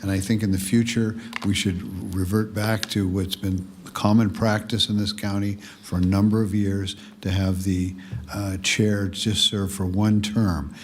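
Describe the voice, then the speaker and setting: Man, commissioner, stammering, restarts, dry humor, lowish voice, public meeting. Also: little pitch movement, measured pace, a little hiss or hum. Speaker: county commissioner. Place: county board meeting chamber.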